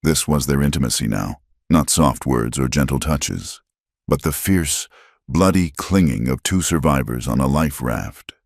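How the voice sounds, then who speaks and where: A man narrating a western story in a grave, measured scripted telling. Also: a bass voice, lively intonation, creaky, no room sound, clean studio sound.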